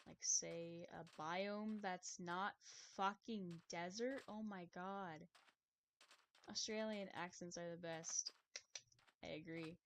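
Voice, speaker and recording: A woman's voice: lowish voice, steady tone, takes it slowly, slight background noise. A woman streamer chatting casually while she plays a game, rambling, laughing often and cutting herself off to restart her sentences. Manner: rambling, chatty, giggly, many self-interrupting restarts. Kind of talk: casual live-stream chat while gaming.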